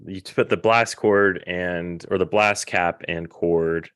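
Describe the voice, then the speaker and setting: A man with a very low voice chats casually on a podcast in a laid-back, matter-of-fact way, swearing freely. The sound is dry and close, with no room echo. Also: fairly even intonation, slow pace, a bit bright, clear, resonant tone. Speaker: podcast co-host. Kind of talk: casual chat.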